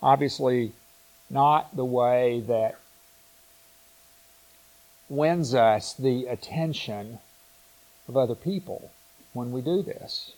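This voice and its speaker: A man delivering a sermon at a slow, deliberate pace. He thinks aloud, pausing and restarting phrases as he reaches for words. His voice sits at an ordinary middle pitch. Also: a little mellow, poor audio. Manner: slow, reflective, with frequent restarts and pauses.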